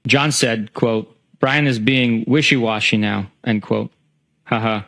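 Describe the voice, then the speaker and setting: A man testifying as a trial witness, reading a string of text messages aloud in a steady, matter-of-fact way in a courtroom. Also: fairly low pitch, unhurried.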